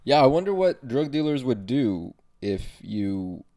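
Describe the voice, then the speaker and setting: A man's voice: medium pitch, big pitch swings, a little slow, mellow. A young man hosting his own podcast, rambling in a profane, self-mocking solo monologue. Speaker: podcast host.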